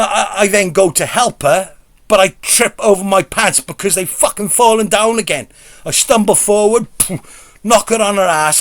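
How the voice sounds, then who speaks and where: Middle-aged guy rambling through a story, stammers a lot, swears, voice on the high side. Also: no room sound. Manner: stammering, sweary, self-mocking. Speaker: comedy vlogger.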